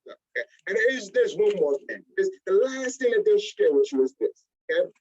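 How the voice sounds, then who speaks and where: A network marketing trainer with a high-pitched voice talks a little fast in a lo-fi recording. Leading a motivational business training, he stays animated and acts out little scenes in different voices.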